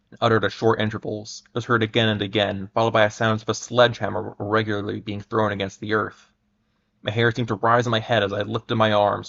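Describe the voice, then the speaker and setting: A man reads an old adventure story aloud in a measured, dramatic way, now and then tripping over a word. His voice sits low with a gravelly texture. The recording is dull and lo-fi. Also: a bit bright. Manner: measured, with occasional stumbles and restarts. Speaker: reader. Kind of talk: dramatic reading of pulp fiction. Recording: muffled lo-fi recording.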